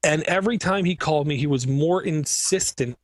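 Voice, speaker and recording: A man who runs a computer repair business chats casually on a podcast, animatedly acting out his customers' dialogue in his stories. His voice is a little high and brisk, and the recording is dry.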